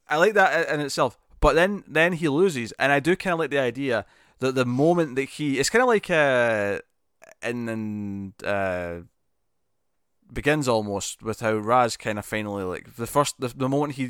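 A man casually discussing a film with a friend, animated and rambling, often restarting his sentences. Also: mid-range voice, no echo, studio quality. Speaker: podcast co-host.

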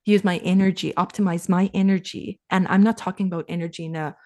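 A woman from Finland in her thirties speaks as a podcast interview guest. Her voice sits a little low. She talks in a reflective, unhurried way and becomes animated whenever she acts out her own past words. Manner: reflective, animated when quoting herself. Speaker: podcast guest, sales coach. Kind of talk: casual interview talk.

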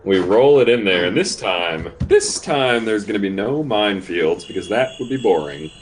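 Low-voiced man pitching a silly plan. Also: lively intonation, normal speed, slight background noise, low-quality recording. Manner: joking, gleeful scheming. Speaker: player. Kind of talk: joking tabletop game chat.

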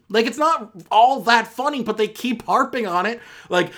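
A man's voice: high-pitched, animated, moderate pace, hardly any pauses, sharp tone. A man giving a casual spoken film review on a podcast, rambling and self-correcting with many fillers and exasperated asides.

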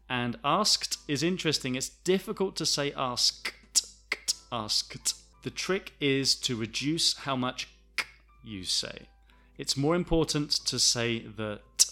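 A man's voice: medium pitch, pushed and bright. A man teaching an English lesson, explaining carefully and repeating each example sentence.

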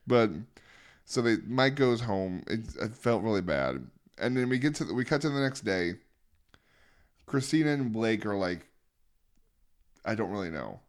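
A man's voice: on the low side, sing-song. A man co-hosting a podcast, recapping episodes in casual chat with mocking asides. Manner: recaps at length, mocking, quick joking asides. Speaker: podcast co-host.

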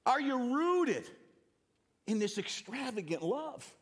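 A man in his sixties with a Northeastern US accent, preaching a sermon with animated, self-deprecating stories and frequent restarts. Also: very high voice, slow. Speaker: pastor.

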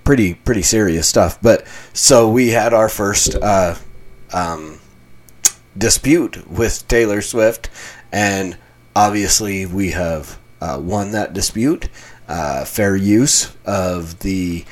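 Man from Colorado with a low voice, pastor doing a casual solo podcast from his basement; chatty and wry. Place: small home-built basement room.

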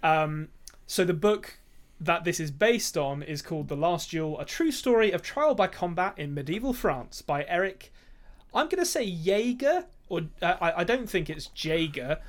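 A man with a fairly high voice co-hosts a film podcast, chatting in a relaxed, casual way. He fills pauses with ums and now and then rattles off a thought in a quick burst.

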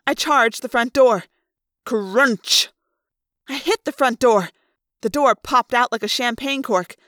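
A woman's voice: on the high side, a bit bright, no echo, studio quality. A woman reading a first-person novel aloud, dramatic and voicing the sound effects herself. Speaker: audiobook reader.

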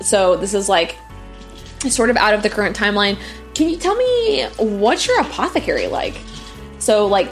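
A woman with a Southern US accent, narrating a tabletop game as game master in a chatty, playful way. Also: mid-range voice.

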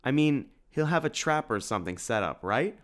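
A man's voice: mid-range voice, animated, normal speed, a bit bright, pitched above the performer's own voice, lightly acted. A man voicing a nervous, casual young boy who talks in slang, in a storybook reading.

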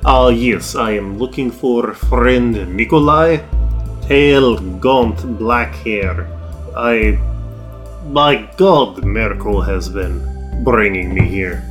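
Male player as a heavily accented, halting client, raised and eager, music behind. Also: fairly low pitch, fairly bright tone. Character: foreign client man with a thick vague accent.

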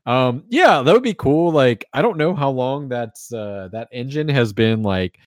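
A man's voice: medium pitch, lively intonation, measured pace, dry recording, clean studio sound. A man hosting a casual podcast chat, talking in a loose, rambling way as he thinks aloud. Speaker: podcast host.

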